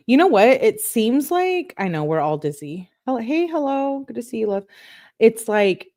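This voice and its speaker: Brief: woman commentator, lowish voice, reads messages aloud and reacts bluntly, casual and chatty. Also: a little mellow. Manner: chatty, blunt, exasperated asides. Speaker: online commentator.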